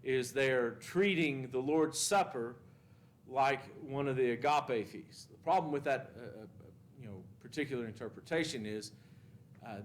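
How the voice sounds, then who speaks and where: A man's voice: medium pitch, a little hiss or hum. A man teaching a Bible class at church, asking the class questions and reading scripture with emphasis.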